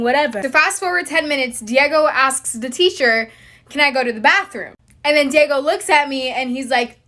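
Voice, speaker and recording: A woman's voice: high-pitched, a bit bright. A woman chatting through a story time, giggling often as she tells it.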